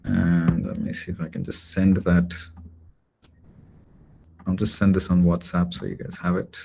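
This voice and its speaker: A man teaching a live online class, explaining a demo casually with frequent pauses and filler words. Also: low-pitched, monotone, vocal fry, mellow, husky. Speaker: workshop instructor.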